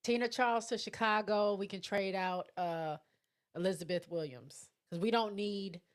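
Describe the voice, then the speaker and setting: A woman hosting a live chat show, reading viewer comments and answering them casually, clearing her throat often. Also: medium pitch, moderate pace. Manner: chatty, reacts to each comment.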